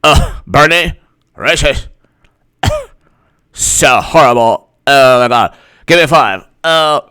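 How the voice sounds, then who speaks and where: A man's voice: fairly high pitch, fairly bright tone, clear, resonant tone, heavily acted. A man playing a smug, cliquish far-left activist with flippant, sneering asides.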